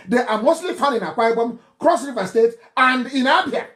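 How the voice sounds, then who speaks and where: A man's voice: extremely high pitch, expressive, fairly quick, hardly any pauses, fairly bright tone. Nigerian guy ranting on a live broadcast, fiery and mocking, keeps laughing at his critics. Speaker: political broadcaster. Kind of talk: impassioned live broadcast speech.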